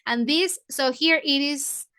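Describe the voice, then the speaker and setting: Slow, bright-voiced woman. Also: sits high. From Mexico. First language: Spanish. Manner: paraphrases lines, glosses words in Spanish. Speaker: book club leader. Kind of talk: explaining a novel to English learners.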